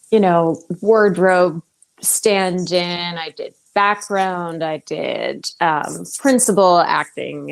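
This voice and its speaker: Woman, 30s, lowish pitch, chatty, upbeat, interview guest. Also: creaky, poor audio. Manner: chatty, upbeat, many fillers. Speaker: guest actor and producer. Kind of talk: casual interview chat.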